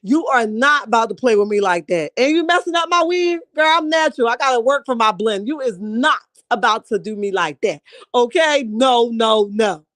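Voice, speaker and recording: A woman recapping a reality show in a lively, laughing, slangy way, chatting with her live viewers and calling them honey and baby. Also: fairly high pitch, normal speed, no room sound. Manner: animated, laughing storyteller, slangy and blunt; calls her viewers 'baby', 'honey' and 'child'. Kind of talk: casual recap chat, reading live chat.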